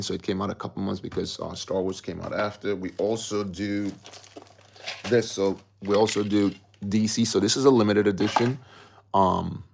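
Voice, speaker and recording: A man's voice: fairly low pitch, creaky. A man hosting a casual livestream, rambling and chatty as he reads out viewer comments. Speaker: livestream host.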